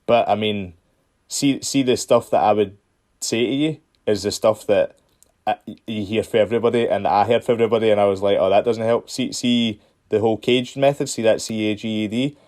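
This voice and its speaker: A man's voice: fairly low pitch, fairly even intonation, fairly quick, darkish tone. A Scottish man hosting a podcast, giving earnest advice in casual chat and repeating himself to drive his point home. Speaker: podcast host.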